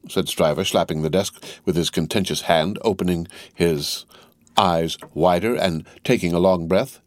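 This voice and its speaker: A man reading a classic novel aloud as narration, with measured, expressive storytelling. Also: low voice, no room sound. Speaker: audiobook reader. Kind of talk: scripted narration.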